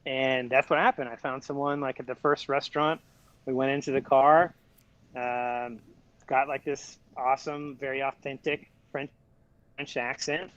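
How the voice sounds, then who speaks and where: A man's voice: medium pitch, normal speed, no echo. Man on a dull, dry video call. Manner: relaxed storytelling with many fillers. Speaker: guest filmmaker. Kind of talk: casual video-call chat. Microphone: video call over shaky internet.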